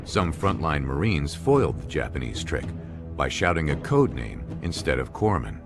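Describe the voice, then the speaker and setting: A man giving scripted documentary narration in a measured voice. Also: very deep voice, very animated, over music.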